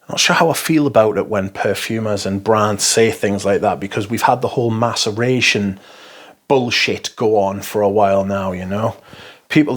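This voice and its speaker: Chatty man rambling about scents. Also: fairly low pitch. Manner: rambling, chatty, swears while ranting. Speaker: fragrance reviewer. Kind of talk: casual first-impressions review.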